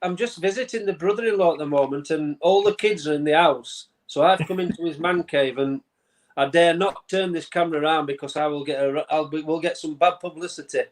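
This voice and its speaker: Chatting casually as an interview guest, a former goalkeeper from England in his fifties joins by video call from the man cave in his home. The audio is poor, and his slightly high voice moves fairly quickly through stories, often laughing and repeating words.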